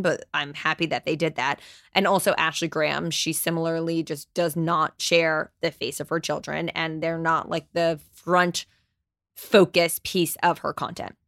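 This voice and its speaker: A woman's voice: deep voice, fairly bright tone, no echo, studio quality. A young adult woman hosting a solo podcast, talking candidly and emphatically, swearing now and then. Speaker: podcast host.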